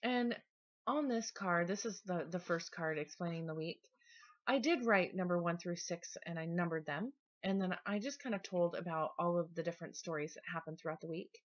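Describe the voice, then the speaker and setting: A woman talking casually through her scrapbooking process in a relaxed, chatty voice-over. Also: on the low side, highs cut off. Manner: chatty, relaxed, with small restarts. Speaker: scrapbooking vlogger.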